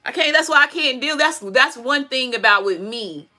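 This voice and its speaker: A woman's voice: high voice, animated, normal speed, sharp tone. A woman, giving a casual tarot reading with blunt, profane asides and preachy advice. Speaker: tarot reader. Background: faint music playing.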